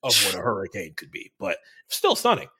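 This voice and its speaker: A man's voice: fairly low pitch, wildly swooping pitch, a little fast, background noise. A man from Florida co-hosting a podcast, telling a story in casual chat, swearing and acting out his own reactions. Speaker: podcast co-host.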